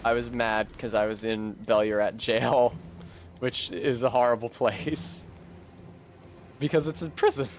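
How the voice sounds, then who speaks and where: A man with a New England accent streaming a game, joking sarcastically, swearing and sometimes shouting in frustration. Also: medium pitch, steady tone, a little slow, a little hiss or hum. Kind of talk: casual gameplay commentary.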